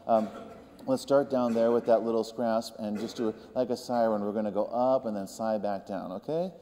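Gentle vocal coach in a big hall. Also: male voice, fairly low pitch, moderate pace. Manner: gentle, encouraging, demonstrates sounds by singing. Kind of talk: leading group vocal warm-ups. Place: large hall with a group of singers. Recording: reverberant hall, faint room hum.

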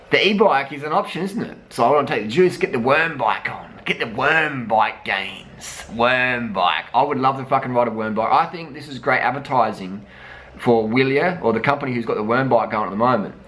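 Casting: middle-aged man, cycling vlogger, profane and heated, mid-pitched voice, unpolished rant. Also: fairly bright tone, slight background noise. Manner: blunt, swearing, heated. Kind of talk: profane ranting commentary.

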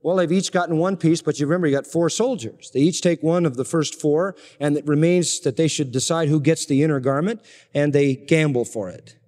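Older preacher in a reverberant hall. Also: male voice, a little fast. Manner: expository preaching, swings between loud emphasis and hushed low lines. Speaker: pastor. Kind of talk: sermon.

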